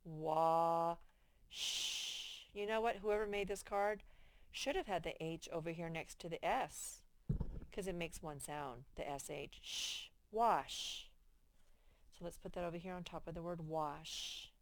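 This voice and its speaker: A woman's voice: on the low side, normal speed, no echo. A woman teaching sight words to young children, patiently stretching out the sounds of each word. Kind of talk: reading lesson for young children.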